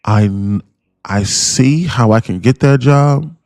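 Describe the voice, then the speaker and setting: A man's voice: mid-range voice, slow, darkish tone, no echo, clean studio sound. A man playing a stubborn, overconfident wannabe trader who insists on doing things his own way. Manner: defensive, insistent.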